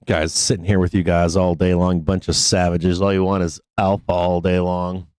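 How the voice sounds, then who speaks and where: A man's voice: low voice, little pitch movement, moderate pace, darkish tone, clear, resonant tone, dry recording, poor audio. Brash, profane male trading host. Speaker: live trading show host. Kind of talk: live trading stream chat.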